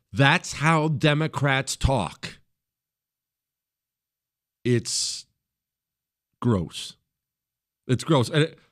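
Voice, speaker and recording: A middle-aged man hosting a talk radio show, delivering an emphatic, opinionated monologue and jumping into high mocking voices when he quotes others.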